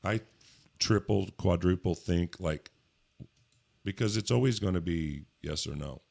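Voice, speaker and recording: Deep gravelly man, lively joking. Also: a little slow. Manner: jokey and animated. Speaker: guest. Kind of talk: casual chat.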